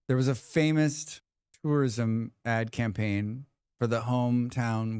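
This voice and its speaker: A man's voice: medium pitch, darkish tone, clean tone, no echo, studio quality. A man hosting a game livestream, rambling casually and reading out chat messages. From United States. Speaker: livestream host. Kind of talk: casual chat with chat while gaming.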